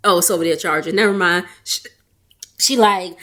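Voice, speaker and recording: A woman's voice: mid-range voice, lively intonation, fairly bright tone. A woman chatting casually as she recaps a reality show, quoting the cast and laughing often. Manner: chatty, laughs often, quotes people in quick voices. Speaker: recap vlogger.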